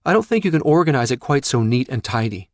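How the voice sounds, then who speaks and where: A man voicing a sharp, indignant young woman confronting her father. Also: mid-range voice, very animated, fast talker, dry recording, clean studio sound, pitched above the performer's own voice. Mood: angry. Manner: indignant, accusing.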